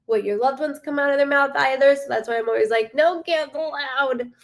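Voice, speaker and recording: A woman's voice: high voice, fairly even intonation, quick pace, creaky. A woman hosting a live stream as a psychic medium, chatting casually, greeting viewers by name and swearing freely.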